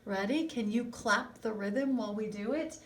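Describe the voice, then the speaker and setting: For a recorded video lesson, a woman music teacher talks slowly and encouragingly to young children, asking them question after question. Her voice is a little high, she's far from the mic, and a faint hiss or hum is audible.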